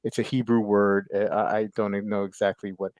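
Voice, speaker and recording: Rambling low-voiced American podcast host. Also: male voice, flat delivery, a little fast, darkish tone, no room sound, clean studio sound. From United States. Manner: rambling, frequent fillers and restarts, reading out chat names. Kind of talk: casual livestream chat.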